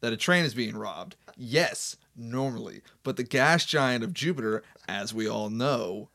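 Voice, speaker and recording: Guy cohosting a chatty podcast, rambly and jokey, mid pitch. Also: animated, measured pace, creaky, sharp tone. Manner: rambling, jokey, laughs often. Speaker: podcast co-host. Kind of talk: casual chat.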